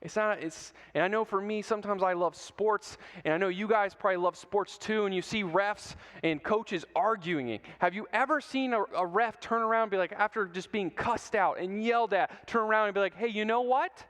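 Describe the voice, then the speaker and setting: A man's voice: high-pitched, normal speed, hardly any pauses, fairly bright tone. A man giving a playful talk to middle schoolers, telling stories and asking the audience questions. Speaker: youth speaker. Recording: long hall reverb.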